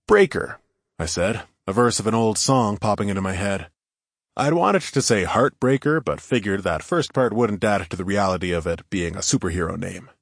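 A man's voice: on the low side, moderate pace, gravelly, dry recording, studio quality. A man narrating a first-person adventure story in a wry, conversational way.

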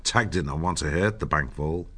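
A man narrating a storybook in a measured, steady way. His voice sits very low and the recording is dry and close, with no room sound. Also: breathy edge, dry recording. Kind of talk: scripted audiobook narration.

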